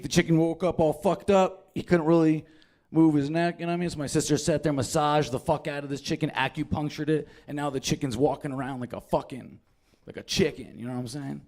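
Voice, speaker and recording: Profane young man doing stand-up. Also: fairly high pitch. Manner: casual, profane, storytelling. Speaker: stand-up comedian. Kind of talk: stand-up comedy set.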